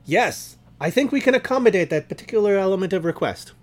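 A man hosts and narrates an improvised role-play game on his online radio show. He rambles playfully and jokes as he goes. His voice sits high and swings lively up and down. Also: fast talker.

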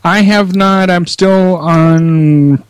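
A man's voice: high-pitched, steady tone, drawn-out words, smooth, dry recording. A man co-hosting a casual podcast, dropping short dry teasing remarks. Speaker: podcast co-host.

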